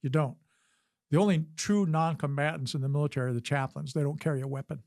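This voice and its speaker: A man's voice: fairly high pitch, fairly even intonation, fast talker, a little mellow, no echo, studio quality. An older man, a podcast guest and former combat physician, telling a story in an interview with earnest delivery and frequent restarts. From United States.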